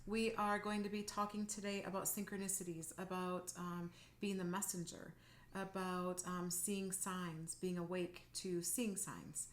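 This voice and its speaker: Woman co-host, lowish voice, casual storytelling, chatty with ums, echoey room, faint hiss. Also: flat delivery, measured pace. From Wisconsin.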